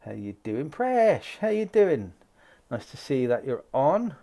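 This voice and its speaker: Casting: male live-stream host, mid-pitched, chatty and rambling. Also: sing-song, unhurried, gravelly, warm tone. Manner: chatty, greets viewers by name, rambling asides. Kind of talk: casual live-stream chat reading out viewer comments.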